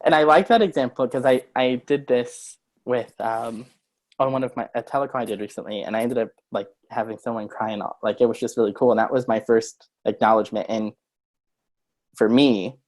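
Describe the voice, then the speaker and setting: A man's voice: fairly low pitch, a little mellow. A man, a guest coach, explaining ideas in an earnest conversational way and acting out short example lines, heard over a video call.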